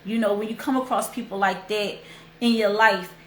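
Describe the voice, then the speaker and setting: A woman's voice: mid-range voice, steady tone, moderate pace, slight background noise. A young woman hosting a livestream, telling a heartfelt story in a chatty, emotional way. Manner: heartfelt, chatty, repeats herself. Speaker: host. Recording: roomy echo.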